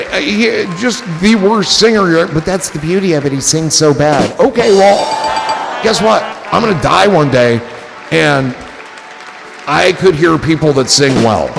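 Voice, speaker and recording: A man's voice: fairly high pitch, lively intonation, a little slow, vocal fry, long pauses, long reverb tail, music in the background, crowd noise. A man hosting a casual livestream, reading out chat comments and riffing on them in a rambling, joking, profane way. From New Jersey.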